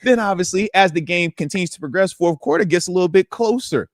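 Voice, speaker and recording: A man, a former pro football player, co-hosting a casual sports podcast and telling animated stories. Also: sits high, fast talker, dry recording, clean studio sound. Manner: animated storyteller, acts out voices.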